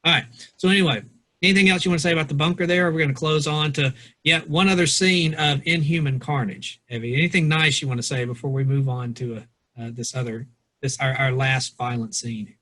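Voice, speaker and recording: A man's voice: fairly high pitch, fairly even intonation, a little fast, bright, forceful tone. A man co-hosting a podcast, discussing a book in a loose, rambling way with many restarts. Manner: loose, rambling, reads quotes aloud with restarts. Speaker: podcast co-host, pastor or lawyer.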